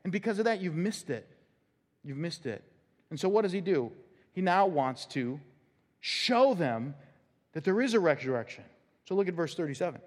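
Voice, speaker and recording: A man's voice: sits high, very animated, a little fast. A man preaching a conversational sermon as pastor, acting out quotes and laughing along the way. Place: church sanctuary. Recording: long church hall reverb.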